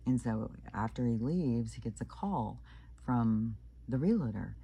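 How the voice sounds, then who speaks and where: A Kansas man who hosts a channel casually rambles through a creepy tale, restarting often and leaning on fillers. His mid-range voice is gravelly, husky, and dark, yet expressive, and he speaks slowly. The highs in the audio are cut off.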